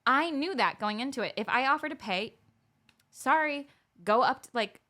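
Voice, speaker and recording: A young woman co-hosts a casual podcast chat and tells a dating story with lively energy. She slips into the voices of the people she quotes as she goes. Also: high voice, normal speed. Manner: animated, acts out quoted dialogue. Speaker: podcast co-host.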